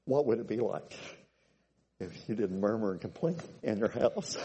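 An older man preaching a sermon to a congregation, swinging from loud exhortation to quiet, musing asides and asking for amens. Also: lowish voice, animated, moderate pace, husky.

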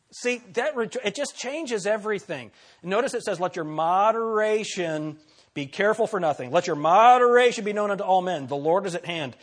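Man, pastor preaching a sermon, fairly high voice, repeats phrases, questions to the congregation, swings between loud and soft.

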